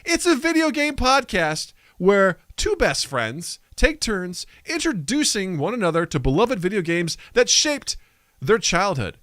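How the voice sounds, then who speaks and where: Animated, goofy man hosting a podcast. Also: sits high, a little slow, dry recording, studio quality. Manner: goofy, self-mocking, animated. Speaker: podcast host. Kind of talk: casual podcast chat.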